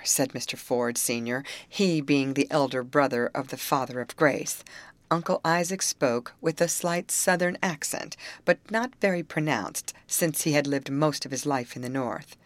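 A woman reading a novel aloud as an audiobook narrator, in steady storytelling narration. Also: a bass voice, normal speed, dry recording.

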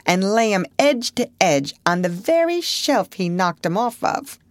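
A woman voicing a sour, aggrieved middle-aged farm wife with sharp, plaintive rural speech. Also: mid-range voice, big pitch swings, measured pace, dry recording, voice pushed up.

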